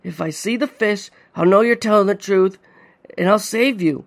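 A man's voice: high voice, moderate pace, vocal fry, voice pushed up. A man voicing a frightened young man calling urgently to his father across the ice.

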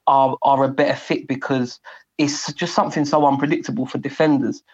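A young man in a casual football chat, explaining tactics at length in a measured way. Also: medium pitch, fairly even intonation, a little mellow, slightly rough, lo-fi sound.

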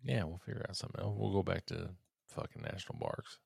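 Tipsy male co-host, low voice, rambling profane banter, dry close sound. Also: quick pace, creaky, a little mellow, husky, dry recording. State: tipsy from drinking. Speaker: podcast co-host. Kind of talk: casual chat.

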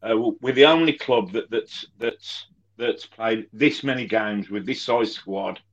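A man talking as a fan guest on a video call, slow and measured with many "um" pauses. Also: lowish voice, lo-fi sound. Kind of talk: casual chat.

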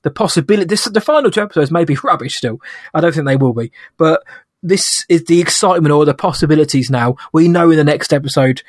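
A man's voice: a little high, fast, no echo, clean studio sound. A man co-hosting a podcast, chatting enthusiastically and rambling through his review. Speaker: podcast co-host. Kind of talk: casual podcast review chat.

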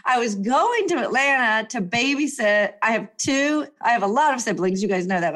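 Chatty animated woman telling a story. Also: a little high. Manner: animated, chatty, lots of fillers and voiced quotes. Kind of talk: casual personal storytelling.

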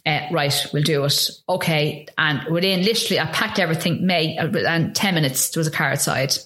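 A woman with a low voice recounts her own story as an interview guest. She talks earnestly and paints scenes in detail, pausing now and then to find her words. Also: a bit bright. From Ireland. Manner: earnest, vivid storytelling with hesitations. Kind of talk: telling a personal story in conversation.

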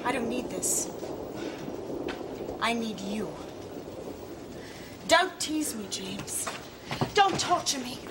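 A man's voice: very high voice, sing-song, slow, long pauses, background noise, voice pushed up, full character voice. A man doing a swooning melodramatic lover. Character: swooning breathless woman lover.

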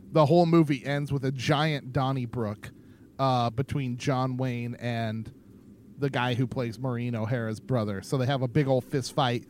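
A man's voice: mid-range voice, a little mellow, a little hiss or hum. A man co-hosting a podcast in casual chat, jokey and playful, laughing often. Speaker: podcast co-host.

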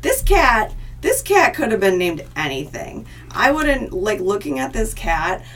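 A young adult woman co-hosting a podcast in casual chat, animated and laughing often, jumping into high exclamations. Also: measured pace. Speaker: podcast co-host.

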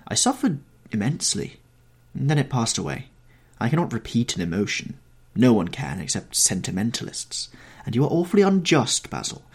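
A man's voice: medium pitch, big pitch swings, normal speed, breathy edge. A man reading the part of a vain, callous young aesthete who talks in an airy, dismissive way.

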